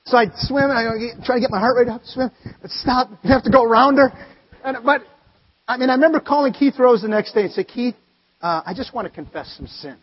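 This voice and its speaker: High voiced pastor guy preaching, husky voice, big echoey hall, dull lo-fi sound. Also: fast. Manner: animated storytelling, swings between loud exclaiming and quiet earnest tones. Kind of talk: sermon.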